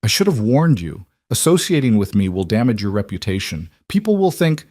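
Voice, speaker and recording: A man's voice: lowish voice, very animated, brisk, dark tone, dry recording, studio quality. A man voicing a shy young woman schoolteacher who doubts herself and speaks hesitantly. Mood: anxious. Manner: hesitant, self-deprecating.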